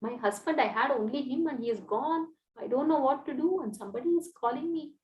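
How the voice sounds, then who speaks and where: A woman storyteller voicing a bewildered grieving widow, speaking softly and hushed. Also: high-pitched, a little fast, recorded from a distance, highs cut off, natural voice. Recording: roomy echo.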